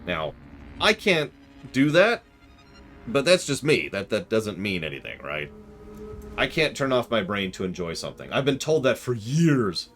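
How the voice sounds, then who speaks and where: A man's voice: fairly low pitch, very animated, measured pace, a bit bright, faint music behind. A tired man with a sore throat, rambling through opinionated commentary and reading chat aloud during a live game stream.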